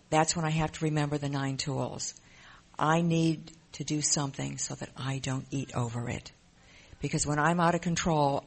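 A speaker giving an earnest, emotional personal testimony in a recovery program, often repeating phrases. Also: mid-range voice. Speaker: member sharing in a recovery program.

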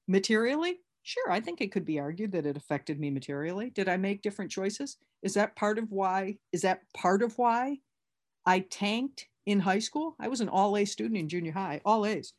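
A woman talking candidly and emphatically as a sponsor teaching recovery step work in a conversational workshop. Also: mid-range voice.

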